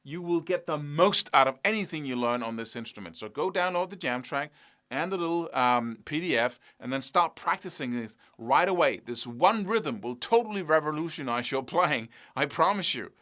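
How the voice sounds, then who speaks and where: A man's voice: fairly high pitch, lively intonation, normal speed, a bit bright. A man teaching an online guitar lesson, enthusiastic and encouraging, often checking in with "right?" and "you know".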